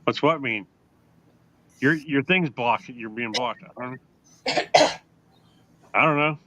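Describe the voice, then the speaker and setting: A man's voice: medium pitch, takes it slowly, pushed and bright, muffled recording. A man joking around in casual chat among friends, telling crude, profane, rambling anecdotes. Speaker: podcast co-host.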